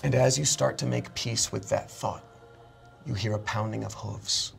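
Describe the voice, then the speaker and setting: A man running a tabletop role-playing game, narrating scenes with animated, cinematic storytelling. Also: lowish voice, normal speed, gravelly, soft background music. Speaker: game master.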